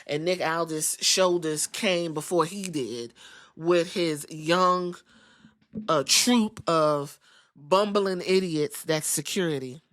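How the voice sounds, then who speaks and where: Woman podcast host with a lowish voice, cussing her way through a recap, dry close sound. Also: slow pace, no echo. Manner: blunt, profane, animated storytelling. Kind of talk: casual wrestling recap and commentary.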